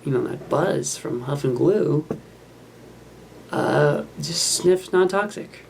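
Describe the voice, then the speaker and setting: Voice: mid-range voice, lively intonation, takes it slowly, vocal fry, a little mellow, slight background noise. A host giving casual running commentary over a film while building a model kit. They ramble in an offhand, self-mocking way.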